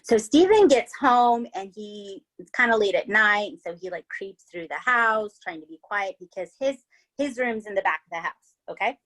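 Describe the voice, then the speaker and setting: A woman's voice: medium pitch, lively intonation, moderate pace, fairly bright tone. Woman podcast host with a mid-range voice, chatty and casual, who swears as she spins a true-crime tale. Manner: chatty, swears, tags lines with "right?" and "okay?".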